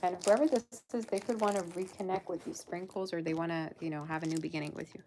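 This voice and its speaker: A woman's voice: on the low side, steady tone, fast talker, a little mellow, slight background noise. Chatty woman doing a tarot reading. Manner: chatty, calls listeners "girl"; loose, fillers and half-sentences. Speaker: tarot reader.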